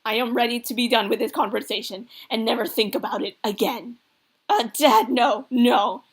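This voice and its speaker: A woman's voice: a little high, fairly even intonation, fairly quick, slightly rough. A woman voicing an embarrassed, sarcastic teenage boy from a visual novel. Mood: flustered. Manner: flustered, exasperated.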